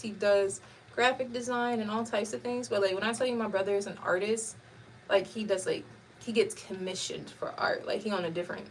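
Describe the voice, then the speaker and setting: Woman host, animated storyteller who laughs a lot, mid-range voice, sitting back from the mic with faint noise in the room. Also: mid-range voice, distant mic. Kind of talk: casual live chat.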